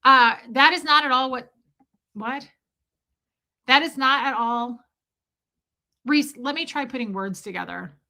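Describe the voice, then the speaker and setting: A woman's voice: sits high, a little slow, long pauses, pushed and bright. A woman hosting a livestream, chatting casually and profanely as she tells jokey stories and reacts to chat. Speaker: livestream host reading chat.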